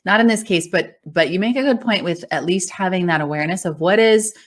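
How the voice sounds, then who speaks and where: A woman's voice: lowish voice, a little fast. A woman voice coach and speech-language pathologist, explaining in a conversational interview with an encouraging, upbeat manner and frequent laughter.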